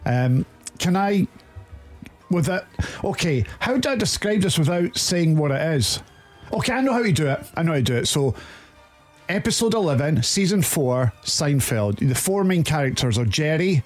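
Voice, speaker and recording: A Scottish man co-hosting a football podcast, telling long stories in a chatty, rambling way. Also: on the high side. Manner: chatty storyteller, drawn-out retelling. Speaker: podcast co-host. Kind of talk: casual chat.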